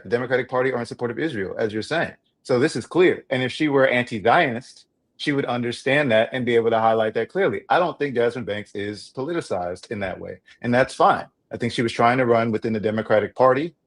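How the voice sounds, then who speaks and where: Rapid-fire analytical man host. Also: medium pitch. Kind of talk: casual political talk-show chat.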